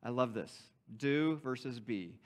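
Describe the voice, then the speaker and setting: A man's voice: mid-range voice, animated, a little slow. A man preaching a sermon as pastor in a conversational way, with joking asides and frequent checks like "okay?".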